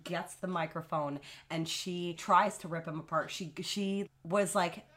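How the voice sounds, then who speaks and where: A woman's voice: fairly low pitch, fairly even intonation, a little slow, fairly bright tone. A young woman hosting a podcast, telling a long story in casual chat with lots of fillers. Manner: rambling storytelling with many fillers.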